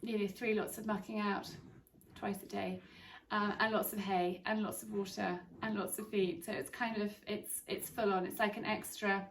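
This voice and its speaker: A woman's voice: mid-range voice, little pitch movement, normal speed, far from the mic, a little hiss or hum. A middle-aged woman chatting casually to camera at home, rambling a little with frequent restarts. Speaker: vlogger. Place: home indoors.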